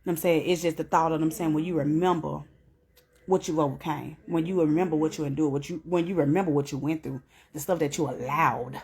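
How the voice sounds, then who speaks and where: A woman's voice: steady tone, brisk, a little mellow, slightly rough. Earnest woman giving heartfelt testimony. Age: middle-aged. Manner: earnest, repetitive, rising to high emphatic peaks. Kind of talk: emotional spoken testimony.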